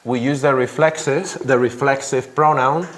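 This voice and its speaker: A man's voice: mid-range voice, fairly even intonation, a little slow, a little hiss or hum. A man teaching an English grammar class in a classroom, repeating example sentences and asking students questions.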